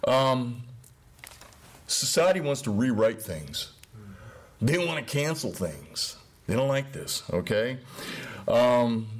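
A middle-aged man giving an informal, conversational sermon, often slipping into the voices of the people he describes. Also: medium pitch. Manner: casual, conversational, acts out voices of biblical figures. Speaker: preacher.

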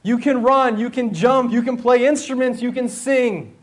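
A man with a notably high speaking voice delivers a sermon to a school audience. He talks in a conversational way, throwing out rhetorical questions and repeating key phrases for emphasis. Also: moderate pace.

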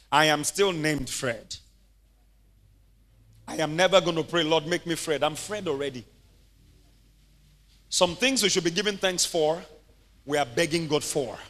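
A man preaching a sermon as a pastor, laughing often and rising to shouted exclamations. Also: a little high, in a large hall. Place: church.

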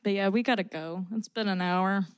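A woman's voice: mid-range voice, moderate pace, clean tone, no room sound, clean studio sound. A young woman co-hosting a podcast, telling stories frankly and laughing often in casual chat. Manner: candid storytelling, laughs often. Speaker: podcast co-host.

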